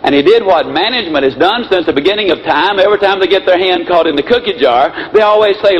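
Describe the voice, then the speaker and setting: Animated, high-voiced male motivational speaker. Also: fairly quick, muffled recording, slight background noise. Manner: animated storytelling with lively voice shifts. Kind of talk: motivational speech with acted anecdotes.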